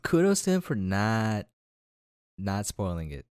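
Man, podcast co-host, low voice, jokey, laughs a lot, casual chat, dry sound. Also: big pitch swings, a little slow, a little mellow, clear, resonant tone, no echo. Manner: enthusiastic, laughs often, jokey.

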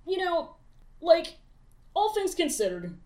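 A woman's voice: extremely high pitch, very animated, takes it slowly, a little mellow. A woman co-hosting a casual chat, rambling and profane, often laughing as she recaps a show. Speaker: podcast co-host.

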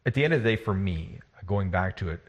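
Man, game master type, husky and fairly low, loose rambling podcast chat. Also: expressive, fast talker, muffled recording. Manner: rambling, restarts often, laughs while talking. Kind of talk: casual chat.

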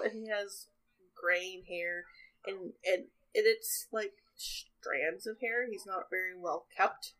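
A woman's voice: medium pitch, a bit bright, low-quality recording. A woman narrating a tabletop role-playing game as game master, chatty and rambling, often laughing.

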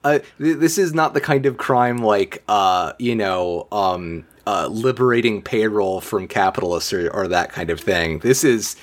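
A man co-hosting a podcast, recapping a cartoon in casual chat, halting and wry, with many fillers. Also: on the low side. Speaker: podcast co-host.

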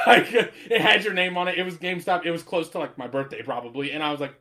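A man's voice: a little high, brisk, sharp tone. A man telling stories in casual chat, rambling and swearing freely, laughing often.

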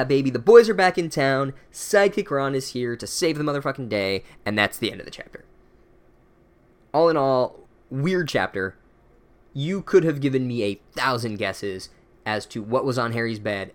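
A young man recapping a book chapter with sarcastic, profane comedy and mock-academic asides. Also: medium pitch.

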